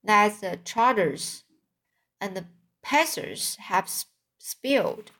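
A woman's voice: medium pitch, expressive, slow, a bit bright. A woman voicing a knowing old sheep, persuasively listing treats in a storybook reading.

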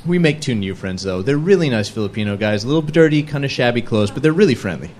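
Young male storyteller, animated and self-mocking, voice swinging up and down, mid-pitched, faint room noise. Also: fast. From United States. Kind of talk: live story slam storytelling. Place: stage before a live audience.

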